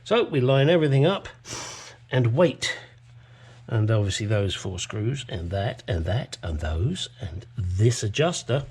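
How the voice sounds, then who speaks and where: Slow husky man showing a repair. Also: fairly low pitch, sing-song, darkish tone. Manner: rambling, self-deprecating, cheeky asides. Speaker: home mechanic presenter. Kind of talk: hands-on workshop demonstration.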